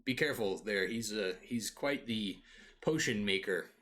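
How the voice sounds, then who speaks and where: A man's voice: on the low side, a little slow, fairly bright tone. A man voicing a polite, fussy male village council leader who talks hesitantly and courteously. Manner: hesitant, courteous, full of hedges.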